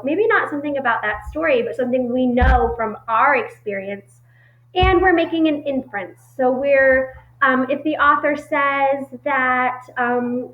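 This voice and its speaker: A woman teacher giving a recorded reading lesson to children, explaining in a friendly way with frequent pauses and fillers. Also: sits high. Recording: echoey muffled room recording.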